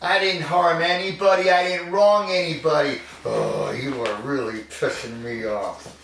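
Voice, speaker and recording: An actor playing a foul-mouthed, short-tempered recluse who talks in a threatening way. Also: male voice, a little high, steady tone, unhurried, creaky, fairly bright tone, slight background noise. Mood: angry. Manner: threatening, profane, growling. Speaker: interview subject in a mockumentary.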